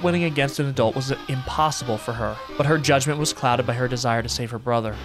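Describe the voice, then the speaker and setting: Male streamer, mid-pitched voice, reading a horror game's story aloud, game music playing underneath. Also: fast, few pauses. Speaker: gaming streamer.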